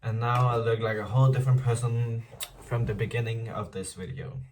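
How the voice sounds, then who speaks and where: A man's voice: medium pitch, fairly even intonation, fairly quick, a little mellow, far from the mic, slight background noise. A young man chatting casually in a diary vlog while doing his makeup, rambling, self-deprecating and swearing playfully. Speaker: vlogger.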